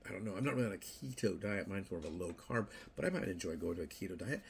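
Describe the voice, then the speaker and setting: Gravelly, low-voiced older man rambling to camera. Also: expressive, fast talker, slight background noise. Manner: rambling, repeats words and restarts often; playful, acts out little quoted voices. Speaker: YouTube vlogger. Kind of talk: casual monologue to camera.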